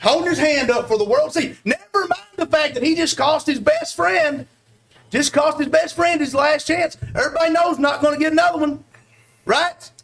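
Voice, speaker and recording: A man delivering a heated wrestling promo, shouting, taunting and insulting his rival. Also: very high-pitched, moderate pace, gravelly. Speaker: wrestler trash-talking in an interview.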